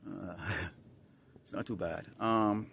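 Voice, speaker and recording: Preaching outside where it's dusty and slightly windy, a man reads scripture in a lowish, creaky, slightly bright voice. His tone stays steady and his pace slow, with a little hiss or hum audible. He's insistent and repetitive, frequently checking in with quick "Huh?" and "All right?" questions.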